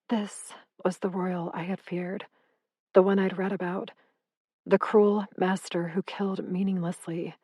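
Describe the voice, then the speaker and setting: A woman narrating a first-person audiobook in a calm, steady way. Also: on the low side, dry recording, studio quality.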